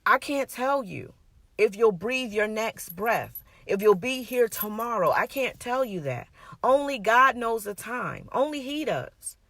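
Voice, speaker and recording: A woman's voice: a little high, animated, unhurried, a bit bright, no echo. A woman giving an earnest, conversational sermon, emphatic and personal, repeating her points. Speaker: minister.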